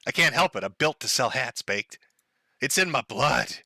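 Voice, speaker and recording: A man hosting a live stream with sarcastic, mocking commentary. His voice is very bright and swings widely in pitch. It is recorded close and dry. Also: expressive, normal speed, gravelly, no echo. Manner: sarcastic, mocking, laughs often.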